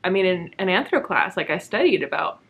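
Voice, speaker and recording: A woman's voice: fairly low pitch, very animated, fairly quick, narrow, tinny audio. A woman talking casually to her camera at home about a book she is reading, sarcastic, swearing freely and laughing often. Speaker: book vlogger. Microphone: camera mic.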